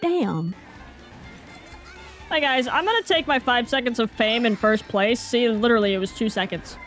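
A woman giving casual live gameplay commentary, excitable and self-mocking, with slang and mild swearing. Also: a little high, moderate pace, faint music behind. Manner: excitable, groans and cheers at every turn. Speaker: gaming video creator.

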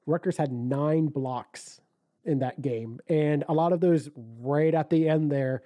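A man's voice: on the high side, slow, dark tone, no room sound. A man co-hosting a casual sports podcast, recapping game stats with frequent restarts. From Ohio. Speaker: podcast co-host.

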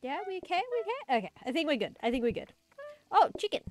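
Bubbly high-voiced woman streamer. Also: very animated, soft background music. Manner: bubbly, chatty, quick to apologize, giggly. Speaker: streamer and host. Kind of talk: casual livestream chat while gaming.

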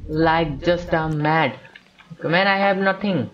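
A man's voice: fairly high pitch, measured pace, dull audio, slight background noise. A man gives casual commentary on a video game he is playing, rambling and talking to himself and to the characters on screen. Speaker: gameplay commentator. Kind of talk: casual let's-play commentary.

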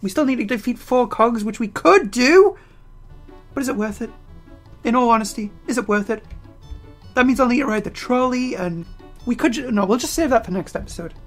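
A woman giving excitable gameplay commentary as a let's player, full of sudden exclamations. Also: a little high. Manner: excitable, frequent startled exclamations.

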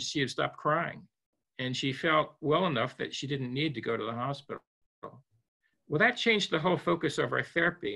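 Bright-voiced man, gentle reflective guest. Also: medium pitch, vocal fry. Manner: gentle and reflective, with frequent restarts. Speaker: psychologist guest. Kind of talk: interview storytelling.

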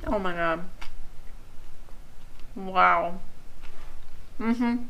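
Woman, bright voice, enthusiastic, casual vlog co-host, home kitchen. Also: on the low side, drawn-out words, vocal fry, slight background noise. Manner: enthusiastic, gushing. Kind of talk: casual tasting chat.

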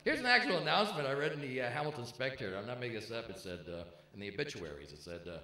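A man's voice: medium pitch, animated. Stand-up comic man in an echoey club. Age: 50s. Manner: punchy, teasing crowd work with quick jokes. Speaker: stand-up comedian. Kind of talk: stand-up comedy routine. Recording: live club, echoey with crowd noise. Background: audience laughter.

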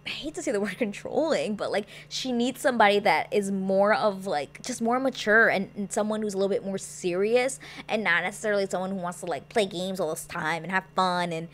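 A young woman hosting a casual show recap, chatty and animated, with plenty of filler words. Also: mid-range voice, brisk, hardly any pauses. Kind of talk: casual chat.

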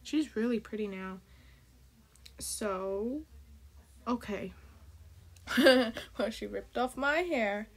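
A woman hosting her channel, chatting excitably while reacting to a game video and bursting into shrieks. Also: a little high, extremely slow, long pauses. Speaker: channel host.

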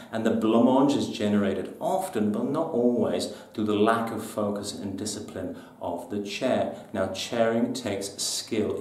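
A man's voice: fairly low pitch, a little mellow. Emphatic man presenting tips, roomy sound. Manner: emphatic, punchy, colloquial. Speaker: business trainer. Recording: echoey room, mic at a distance.

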